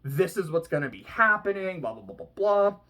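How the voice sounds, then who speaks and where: A vlogger voicing a smooth, calm adult male gang leader who sounds reasonable and quietly menacing. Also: medium pitch, brisk. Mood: calm menace.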